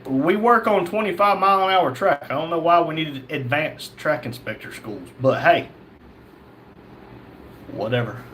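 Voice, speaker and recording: A man hosting a live stream, reading viewers' chat messages aloud and answering them in a relaxed, chatty way. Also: on the high side, measured pace, slight background noise. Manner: reads chat names aloud, chatty and easygoing. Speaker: livestream host reading chat.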